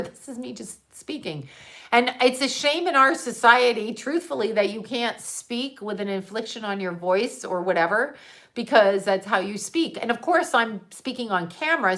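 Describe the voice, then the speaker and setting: A woman's voice: medium pitch, a bit bright. A middle-aged woman from Canada, chatting bluntly and emphatically on a casual livestream, swearing freely and laughing often. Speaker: livestream host.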